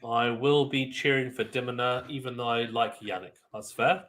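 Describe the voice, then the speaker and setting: A young man calls a tennis match live for a watchalong stream, his voice bright and forward with a ringing edge. He moves from steady point-by-point description into sudden loud bursts of surprise. His pitch sits in an ordinary middle range. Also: moderate pace. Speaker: watchalong host.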